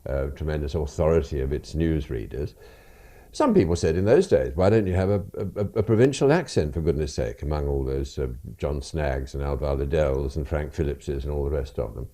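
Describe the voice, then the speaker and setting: Older Englishman with a deep, lively voice. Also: fairly quick. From England. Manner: hesitant, repeats words, chatty and self-deprecating. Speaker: guest. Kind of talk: radio interview.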